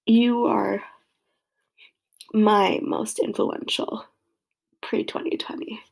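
Tearful young woman with a gravelly voice. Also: on the high side, little pitch movement, a little mellow, whispered. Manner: rambling, heartfelt, halting. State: crying. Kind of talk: emotional personal tribute.

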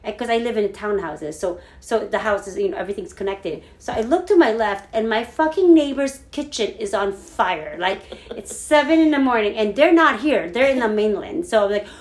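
A woman's voice: mid-range voice, expressive, moderate pace, few pauses. A woman co-hosting a casual podcast, telling a story with lots of swearing and acting out her own panic. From lives in Hawaii. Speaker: podcast co-host. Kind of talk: casual chat.

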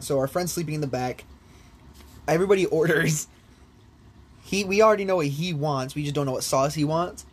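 A young man in casual chat, telling a long story in an animated way with lots of swearing and laughter. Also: fairly high pitch, fairly quick, pauses often, husky. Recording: faint background noise.

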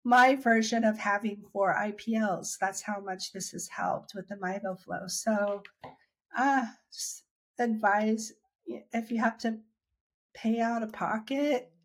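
A woman's voice: a little high, slow pace. A woman chatting about her own experience, talking freely with restarts and quoting herself and others as she goes. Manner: chatty, with many restarts and acted-out quotes. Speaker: interviewee sharing her dry eye story. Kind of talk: casual conversational storytelling.

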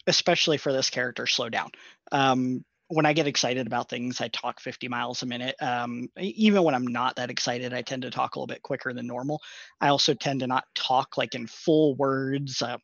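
A man's voice: mid-range voice, fairly quick, creaky, fairly bright tone, dry recording, highs cut off. A man in a casual chat, speaking thoughtfully and measuredly with frequent fillers. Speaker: tabletop game player.

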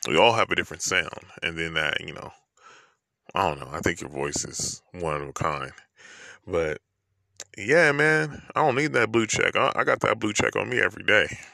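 A man's voice: deep voice, moderate pace, gravelly, bright, forceful tone, no room sound. A man giving a casual, rambling opinion monologue to camera, slangy and loose with lots of fillers.

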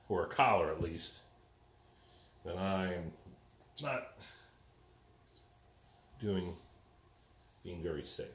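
A man's voice: on the low side, a little hiss or hum. A man in a casual vlog, talking to his new puppy in doting, sing-song dog talk and giving short commands. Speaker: vlogger.

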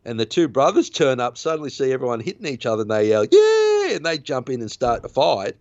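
With a quick pace and medium pitch, a man on his podcast casually rehashes a movie's plot, rambling through fillers and restarts. It's a film recap chat captured in dull, dry, lo-fi sound.

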